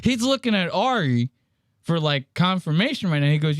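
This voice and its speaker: A man's voice: fairly high pitch, very animated, normal speed, dry recording, clean studio sound. Profane mocking male podcast host. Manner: profane, mocking, mimics others mid-story. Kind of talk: crude comedic podcast commentary.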